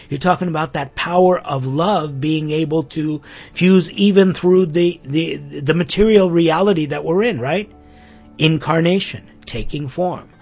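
A man's voice: fairly high pitch, breathy edge. A man hosting a podcast, reflecting earnestly on faith and spirituality in a musing way, often restarting his sentences. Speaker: podcast host.

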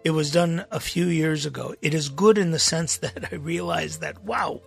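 A man's voice: a little high, moderate pace, creaky, fairly bright tone, breathy edge, faint music behind. A male priest hosting a podcast, reading scripture aloud and then reflecting on it in a conversational, emphatic way. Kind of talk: podcast sermon.

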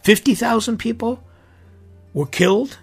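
A man's voice: extremely high pitch, a little slow, slightly rough, faint music behind. A middle-aged man, a priest hosting his own podcast, speaking in an earnest, indignant and emphatic monologue.

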